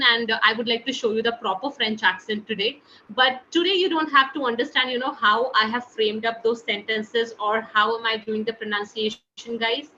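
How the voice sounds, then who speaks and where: A woman's voice: a little high, pushed and bright, muffled recording, a little hiss or hum. A woman teaching a French class online in a chatty way, often calling the students guys, heard over a computer mic on a video call. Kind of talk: online language webinar.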